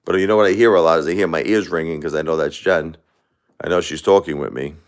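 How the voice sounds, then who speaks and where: Man, 40s, very deep voice, grieving live-stream host, rambling and confessional. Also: quick pace. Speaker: livestream host. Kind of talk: live-stream talk to viewers. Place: his home, alone.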